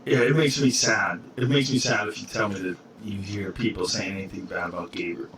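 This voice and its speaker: A man's voice: lowish voice, fairly even intonation, a little fast, fairly bright tone, recorded from a distance, a little hiss or hum. A man hosting a casual podcast chat, talking loosely and rambling with lots of "like". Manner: loose, rambling, says "like" often.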